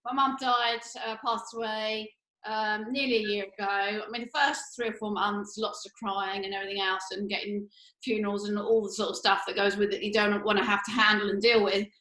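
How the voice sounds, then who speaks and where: A woman's voice: mid-range voice, fairly even intonation, brisk, sharp tone. A woman co-hosting a casual chat, talking in a breezy, upbeat way with lots of fillers. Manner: breezy, upbeat, full of fillers and bursts of laughter. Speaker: co-host. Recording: echoey room.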